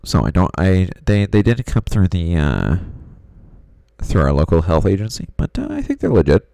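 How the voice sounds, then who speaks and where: A man's voice: sits low, wildly swooping pitch, normal speed, gravelly, dark tone, no room sound, heavily acted. A man playing a prim, officious emergency dispatcher with a blocked nose in an improvised comedy skit, formal and forever repeating "sir".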